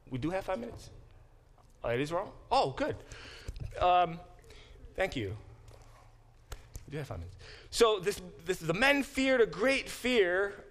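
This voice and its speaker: Animated male Bible professor lecturing. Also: fairly high pitch. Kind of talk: classroom lecture. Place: classroom.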